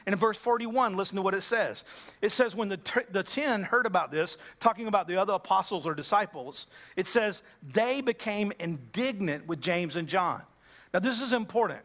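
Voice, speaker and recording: A man's voice: high-pitched, expressive, moderate pace, fairly bright tone. A man preaching as pastor, conversational and acting out the quoted lines. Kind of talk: sermon.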